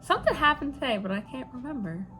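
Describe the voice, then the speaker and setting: A woman's voice: high voice, sing-song, fast talker, pushed and bright, soft background music. A woman with a stuffy, nasal voice from allergies, telling stories in a casual vlog, laughing often and swearing. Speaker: vlogger.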